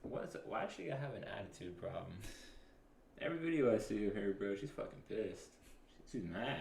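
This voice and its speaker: A young man with a very low, gravelly voice talking bluntly on a podcast. His voice echoes around the room over faint background noise. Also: sing-song, normal speed, a little mellow. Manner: blunt, laughs often, swears. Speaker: podcast co-host. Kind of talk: casual chat.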